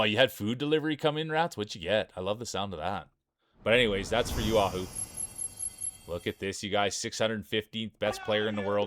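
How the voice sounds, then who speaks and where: A man's voice: lowish voice, slight background noise. A man streaming live, commentating marble races in a chatty way and greeting viewers by name. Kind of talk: play-by-play commentary.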